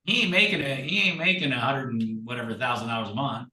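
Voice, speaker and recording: A man guest in casual chat, telling stories in an animated, blunt and salty way. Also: mid-range voice, fast talker. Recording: roomy sound from far off the mic.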